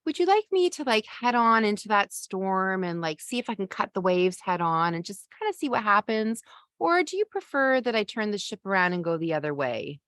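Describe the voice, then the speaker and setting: A woman's voice: mid-range voice, sing-song, moderate pace, fairly bright tone, dry recording. A woman voicing an indecisive male ship captain who hesitantly asks his passengers what he should do. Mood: dithering.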